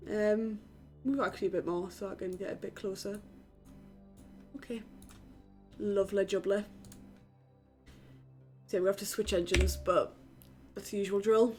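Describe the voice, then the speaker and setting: A young woman from the UK, live-streaming a game from her flat, chatting casually with her viewers and swearing offhandedly. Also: on the high side. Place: home in a flat.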